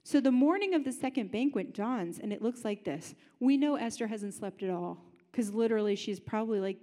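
A woman preacher talks through her sermon in a chatty, humorous, animated way, her voice sitting somewhat high. The large high-ceilinged room adds a long, lingering hall reverb. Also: brisk, few pauses.

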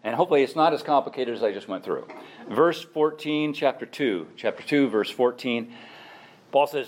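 A man's voice: mid-range voice, animated, moderate pace. A middle-aged man, a pastor, preaching a sermon with emphatic exhortation and self-deprecating asides.

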